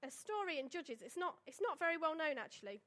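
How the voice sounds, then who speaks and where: High-voiced chatty woman preaching. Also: very animated, fast talker, bright, forceful tone. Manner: chatty, storytelling, with tag questions and fillers. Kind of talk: casual sermon.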